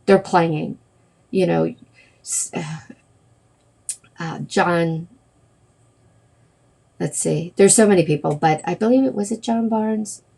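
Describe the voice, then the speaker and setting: A middle-aged woman with a fairly low voice hosts a wellness livestream. She talks casually and rambles, often stopping to correct herself and filling gaps with "um" and "you know.". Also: gravelly, warm tone. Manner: rambling, with many fillers and self-corrections. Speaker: wellness practitioner hosting a livestream.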